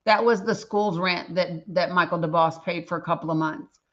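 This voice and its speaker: Slightly dull lo-fi audio captures a livestream host with a lowish, steady voice at a moderate pace. In this casual stream she speaks earnestly and emotionally, reading out viewer names from the chat.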